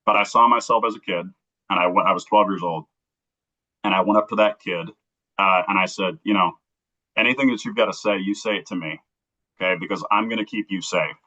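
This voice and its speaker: A man from Kansas City telling an emotional personal story as a guest, earnest and halting, acting out the dialogue he quotes. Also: sits low, sharp tone. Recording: dull lo-fi recording.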